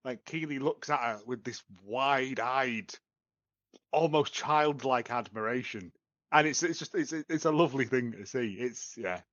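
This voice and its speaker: A man's voice: medium pitch, unhurried, dry recording, dull audio. A man co-hosting a podcast in casual chat, joking and laughing often about a show. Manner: lively, laughs often, jokey asides. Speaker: podcast co-host.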